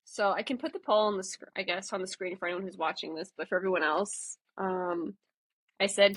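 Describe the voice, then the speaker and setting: A woman's voice: mid-range voice, animated, fairly quick, vocal fry, slightly rough, no room sound. A woman co-hosting a podcast, chatting thoughtfully and sometimes restarting her phrases. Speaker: podcast co-host. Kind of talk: casual podcast chat.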